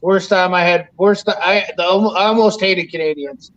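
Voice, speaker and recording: A man's voice: high-pitched, steady tone, normal speed, slight background noise. A man hosting a casual chat, rambling through stories and swearing freely. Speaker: podcast host. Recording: dull lo-fi sound.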